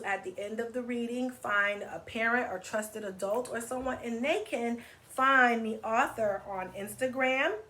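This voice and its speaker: A woman reading a children's picture book aloud in an animated, teacherly way, often stopping to ask her young listeners questions. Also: a little high, slight background noise. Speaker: children's story reader.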